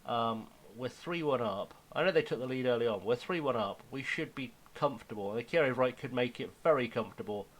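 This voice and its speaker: A young man giving casual, self-mocking commentary on his football management game, now and then dropping to a hushed aside. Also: mid-range voice, lively intonation, fairly quick, few pauses, rough recording. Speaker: gaming YouTuber.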